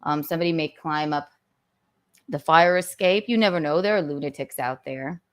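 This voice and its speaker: A woman's voice: sits low, normal speed. Playful theatrical woman hosting a live stream. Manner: playful, theatrical, sings and hums nonsense sounds. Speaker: host. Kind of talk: casual live-stream chat. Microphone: own studio mic, adjusting its volume.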